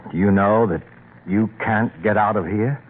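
An actor playing a brooding, impatient husband in an old-time radio drama, gruff and menacing. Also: male voice, lowish voice, steady tone, normal speed, close to an everyday voice. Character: brooding husband luring his wife underground. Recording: tinny lo-fi old radio broadcast with hiss.

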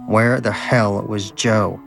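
Low-voiced man narrating a wry story. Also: fairly even intonation, slow pace, vocal fry, music in the background. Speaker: audiobook narrator.

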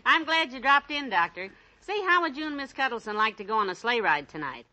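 An actress playing a cheerful, gently teasing housewife in 1940s radio comedy. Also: female voice, a little high, big pitch swings, a little fast, lo-fi sound. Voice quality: warm-humored, gently teasing.

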